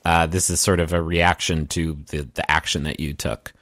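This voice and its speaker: A man narrating a tabletop game as game master, telling the scene with frequent ums and quick asides. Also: very deep voice, little pitch movement, fairly bright tone, no echo.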